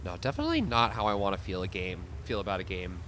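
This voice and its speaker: A man's voice: low voice, wildly swooping pitch, fast, fairly bright tone, slight background noise. A young man casually talking through his gameplay, thinking aloud with lots of fillers. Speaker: gaming video host.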